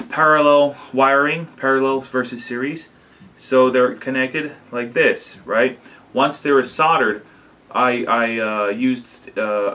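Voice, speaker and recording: A man casually talking to his camera about a home-made prop, unhurried, with lots of fillers and restarts. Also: mid-range voice, bright, forceful tone. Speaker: DIY maker vlogger. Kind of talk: casual explanatory vlog. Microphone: camera mic.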